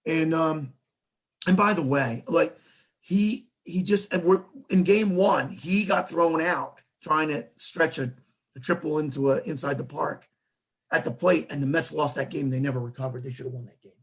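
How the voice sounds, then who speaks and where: This is a man with a fairly high voice, hosting a casual sports talk show. He tells his stories with energy and slips into acting out the things people said. His delivery is loose and conversational. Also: normal speed. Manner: animated storyteller who acts out quoted dialogue.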